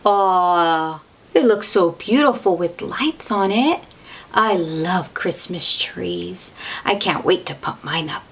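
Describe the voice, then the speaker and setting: A young woman reading a children's picture book aloud, gently exclaiming and pointing things out to young listeners. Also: lowish voice, a little hiss or hum. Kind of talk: read-aloud storytime.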